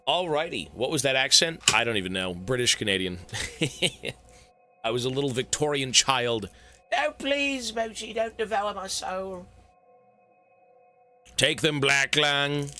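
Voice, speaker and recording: A man's voice: mid-range voice, pushed and bright. A young man streaming a game, chatting casually with viewers in a rambling, profane way. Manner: rambling, profane, talks to chat. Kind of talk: casual live-stream chat.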